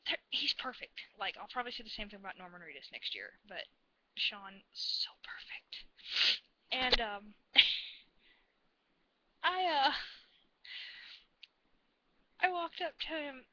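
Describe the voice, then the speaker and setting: A woman telling a story in a casual vlog, rambling and gushing like an excited fan. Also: fairly high pitch, slow pace, pauses often, dull audio, a little hiss or hum. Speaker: vlogger.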